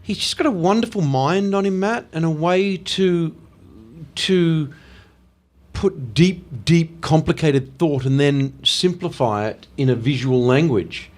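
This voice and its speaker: An Australian man chatting as an interview guest, enthusiastic and quick to laugh. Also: a little high. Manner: enthusiastic, laughs often, breaks into playful impressions. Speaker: guest actor. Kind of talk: casual interview chat.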